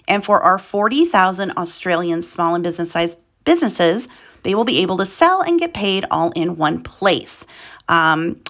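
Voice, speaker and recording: A woman's voice: on the low side, a bit bright. An American woman hosting her channel, reading selling-platform news aloud and breaking off for wry, chatty asides and self-mocking stumbles. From United States. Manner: chatty, wry asides, stumbles over words and laughs at herself. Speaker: reseller and channel host.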